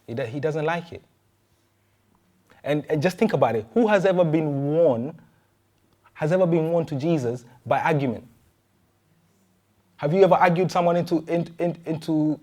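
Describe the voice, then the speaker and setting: A man, a pastor, giving a conversational sermon full of rhetorical questions and quick restarts. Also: on the high side, darkish tone.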